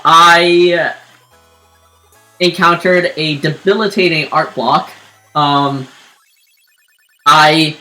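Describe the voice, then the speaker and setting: A woman's voice: low-pitched, bright, forceful tone. A woman streamer telling a personal story in casual chat while drawing, rambling with lots of fillers and restarts. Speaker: streamer and artist.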